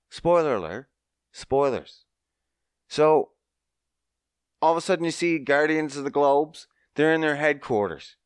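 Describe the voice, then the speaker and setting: Animated man recapping a show. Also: smooth, no room sound, studio quality. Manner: animated storytelling with mocking high-pitched asides and profanity. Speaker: podcast host. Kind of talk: casual podcast chat.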